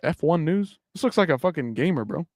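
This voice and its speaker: A man's voice: a little high, lively intonation, a little fast, no echo, clean studio sound. A man hosting a live stream late at night, talking casually and profanely in a loose, rambling way with many restarts. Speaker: livestream host.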